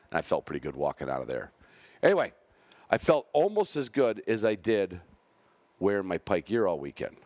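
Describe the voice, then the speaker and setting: A man with a deep, low voice talks casually as a podcast host. He rambles and corrects himself mid-sentence in an easygoing way. The sound is dry and close. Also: very animated, fairly quick, a little mellow, no room sound. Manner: rambling, self-correcting, chatty. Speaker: podcast host and bird dog handler.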